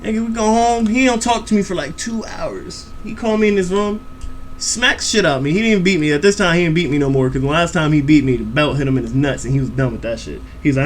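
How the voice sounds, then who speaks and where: A young man telling a profane, animated story on a reaction video channel. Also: a little high, a little hiss or hum. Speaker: YouTube reaction host. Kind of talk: storytelling vlog chat.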